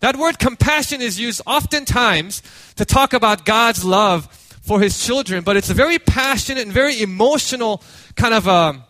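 A man preaching a sermon as a pastor, telling a story in an animated way with many restarts. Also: high voice, moderate pace, no echo.

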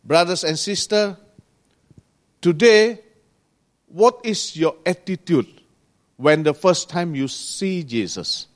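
Slow, earnest man preaching a sermon. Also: high voice, animated. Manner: slow, earnest preaching with pauses and rising emphasis; non-native grammar.

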